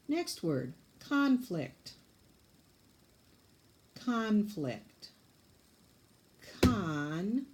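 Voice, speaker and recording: A woman teaching spelling, dictating words slowly and patiently and sounding them out letter by letter. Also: mid-range voice, sing-song, warm tone.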